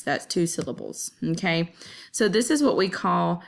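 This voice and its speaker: A woman's voice: low voice, moderate pace. A woman teacher explaining poetry meter in a casual, chatty way, often checking in with the listener.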